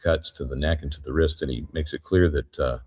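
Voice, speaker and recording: A man giving a live courtroom recap as a trial reporter, retelling events in a halting, methodical way. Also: very deep voice, steady tone, a crowd in the background.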